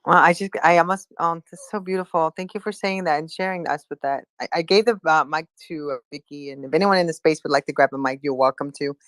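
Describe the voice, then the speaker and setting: A woman hosts a casual online chat, friendly and loosely rambling. Her voice is low for a woman. The sound is dry and close. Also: fast talker, few pauses, dry recording. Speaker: host.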